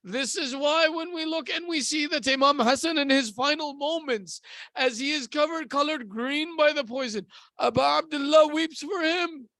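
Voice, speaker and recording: Brief: male preacher, very high voice, dry close sound, solemn sermon storytelling. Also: pushed and bright, no room sound. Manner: solemn storytelling, slows on key words. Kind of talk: mourning sermon. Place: community center hall.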